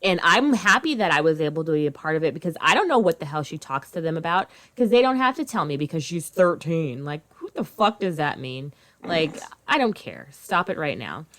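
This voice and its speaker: A woman in her thirties co-hosting a podcast, talking in a loose, chatty way. Her voice sits a little low, and she is expressive and swears freely, getting louder and then quieter as she goes. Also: fairly quick. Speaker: podcast co-host. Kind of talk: casual chat.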